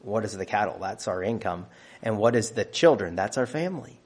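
A man's voice: on the low side, animated, a little fast. A man preaching a sermon, counting off numbered points with emphatic stress on key phrases.

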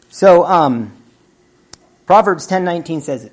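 Husky-voiced man preaching a sermon. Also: fairly high pitch, lively intonation, moderate pace. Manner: conversational teaching, asks the audience questions; clears throat often.

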